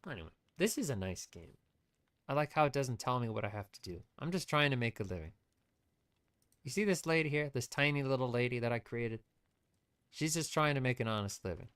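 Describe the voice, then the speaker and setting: A man's voice: mid-range voice, lively intonation, a little fast, a bit bright, clear, resonant tone. A man streaming gameplay, ranting with strong opinions in loose, rambling commentary. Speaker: VTuber streamer.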